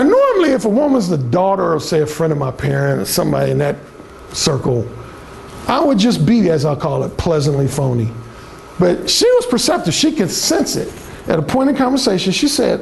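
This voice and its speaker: A man's voice: sits high, very animated, fairly quick, gravelly, darkish tone, slight background noise. A man who is a dating coach, giving a blunt and profane storytelling talk to a live audience at a seminar.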